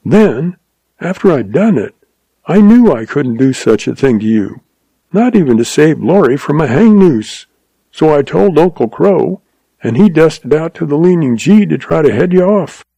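A man's voice: a little high, very animated, a little slow, vocal fry, warm tone, slightly rough, dry recording, pitched above the performer's own voice, full character voice, rough recording. A man voicing an earnest young woman who pleads with a catch in her voice, in a read-aloud western story. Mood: pleading. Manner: pleading, emotional.

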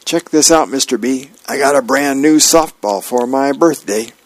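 A man reading a newspaper comic aloud, voicing an excited little boy neighbor in a raised voice. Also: moderate pace, dry recording, lightly acted. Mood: eager. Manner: excited, pitched up.

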